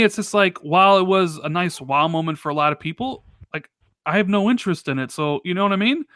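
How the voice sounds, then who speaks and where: Podcast guy rambling on, kinda high voice, lots of "like" and restarts, dry mic. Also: no echo. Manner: animated, rambling with many restarts and fillers. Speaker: podcast co-host. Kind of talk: casual podcast chat.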